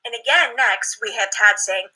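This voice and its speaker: A woman co-hosting a vlog, reading out social media posts in a steady manner. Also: mid-range voice, moderate pace, poor audio. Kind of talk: reading screenshots aloud.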